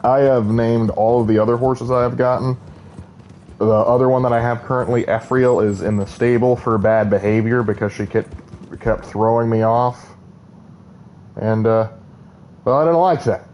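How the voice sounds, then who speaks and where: A man's voice: mid-range voice, steady tone, moderate pace, darkish tone, a little hiss or hum. A man, chatting and rambling as he streams a game, laughing often. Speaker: gaming streamer. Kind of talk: casual live-stream commentary.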